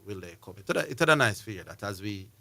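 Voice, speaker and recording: Man, Jamaican accent, radio host, jokey, chatty, bright sharp tone, dry studio. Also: on the low side, animated, brisk, vocal fry, no room sound. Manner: jokey, chatty, reads out phone numbers. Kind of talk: casual radio hosting.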